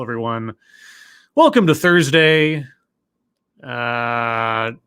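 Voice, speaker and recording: Playful man with a lively, bouncing voice. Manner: playful, greets chat members one by one with sudden pitch jumps. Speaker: live-stream host reacting to talks. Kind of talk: casual live-stream chat. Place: home room.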